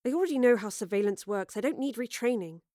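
A woman voicing a young female undercover officer who talks in a halting, defensive, self-reproaching way. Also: sits high, lively intonation, no room sound, studio quality, voice pushed up. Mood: flustered. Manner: halting, defensive, stumbling over words.

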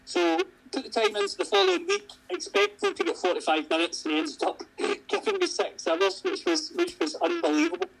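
A man's voice: extremely high pitch, huge pitch swings, a little fast, gravelly, fairly bright tone, soft background music, low-quality recording. A man, a podcast guest chatting earnestly and often repeating words as he restarts his sentences. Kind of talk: casual interview chat.

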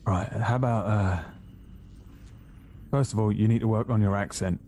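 A man's voice: lowish voice, normal speed, dark tone, a little hiss or hum. A man talking casually and hesitantly as a player in a tabletop role-play. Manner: casual, hesitant, plain-spoken.

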